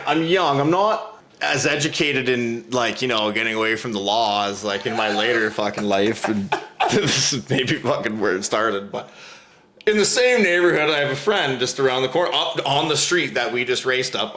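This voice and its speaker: A man's voice: mid-range voice, normal speed, sharp tone. A man hosting a podcast, telling a rambling, profane story and laughing through it. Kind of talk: casual storytelling.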